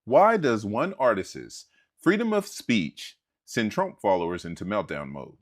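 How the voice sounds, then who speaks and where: Man, opinion commentary, rhetorical, low voice, very animated pitch. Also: a little slow. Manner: rhetorical, questioning the audience.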